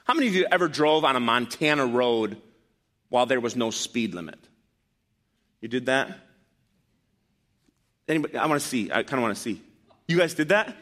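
A man preaching a sermon to his congregation, animated and emphatic, with loud bursts and quiet asides. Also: medium pitch, moderate pace, long pauses. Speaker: pastor. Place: church.

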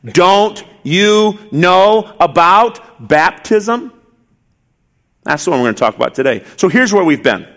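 A man's voice: high voice, big pitch swings, slow, a bit bright. A male pastor preaching an expository sermon, emphatic, asking rhetorical questions and repeating key phrases.

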